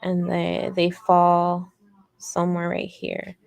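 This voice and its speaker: A woman's voice: on the low side, completely flat delivery, slow pace, creaky, a little mellow. A woman hosting a casual livestream crochet tutorial, chatty and rambling, talking directly to her viewers.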